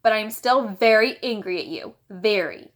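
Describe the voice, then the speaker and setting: Brief: woman voicing a firm scolding mom, lively intonation. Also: medium pitch, moderate pace, lightly acted. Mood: stern. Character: exasperated mother, stern but loving.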